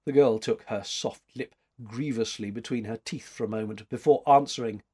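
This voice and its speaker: A man narrating a novel in a measured, expressive storytelling style. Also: medium pitch, slightly rough. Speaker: audiobook narrator. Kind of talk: scripted narration.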